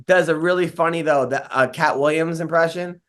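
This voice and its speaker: Male comedian host, a touch high, loose rambling storyteller, profane and casual. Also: steady tone, a little fast, a bit bright. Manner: rambling storyteller, lots of "like" fillers, swears often. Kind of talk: casual podcast chat.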